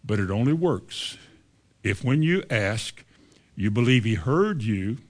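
A man's voice: fairly low pitch, lively intonation, takes it slowly. A man, preaching a sermon with emphatic rises on key lines and quoting scripture. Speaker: pastor.

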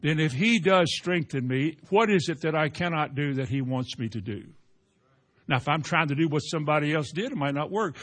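Preaching a sermon in a voice on the high side, a man peppers his listeners with rhetorical questions, alternating slow, loud stresses with hushed asides.

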